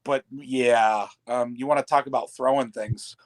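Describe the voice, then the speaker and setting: A man chats as a guest on a casual podcast. His voice sits in a middle pitch. He tells stories easily and laughs often along the way. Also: steady tone, unhurried. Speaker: guest artist. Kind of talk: casual chat.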